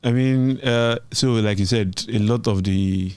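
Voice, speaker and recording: A man with a deep voice muses on a podcast, casual and a little hesitant as he works through his thoughts. The sound is dry and close. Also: unhurried, darkish tone, smooth, no echo. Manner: hesitant, thinks aloud with fillers. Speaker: podcast co-host. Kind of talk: casual tech discussion.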